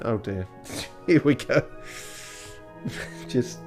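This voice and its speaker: A man's voice: mid-range voice, lively intonation, drawn-out words, darkish tone, faint music behind. Self-mocking man streaming a game. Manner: rambling, self-mocking, swears casually. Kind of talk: casual let's play commentary.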